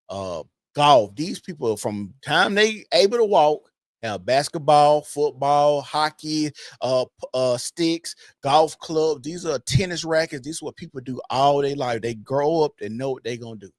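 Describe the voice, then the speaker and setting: A man's voice: medium pitch, dry recording, studio quality. A man hosting a casual podcast, talking loosely and profanely and laughing often. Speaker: podcast host.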